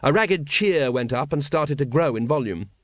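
A man reading a comic fantasy novel aloud as an audiobook narrator, with expressive, dryly comic storytelling. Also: fairly high pitch, normal speed, dry recording, studio quality. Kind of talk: scripted narration.

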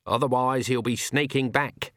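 A man voicing a formidable old woman witch in a storybook reading, curt and flat. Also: medium pitch, moderate pace, no echo, lightly acted. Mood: stern. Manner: flat, clipped, no-nonsense.

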